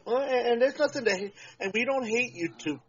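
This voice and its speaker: This man's voice is extremely high, expressive, fairly bright and slightly rough. Co-hosting a podcast in a relaxed chat, he goes on at length and hammers his points with emphatic, stretched-out phrasing, all in dull lo-fi podcast audio.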